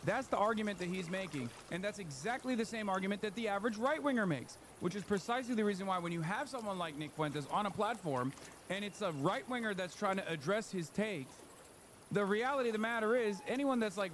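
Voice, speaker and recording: Reacting to a clip on stream, a man whose voice sits high delivers lively, foul-mouthed political remarks and imitates quoted speakers mockingly. There's a little hiss or hum in the audio.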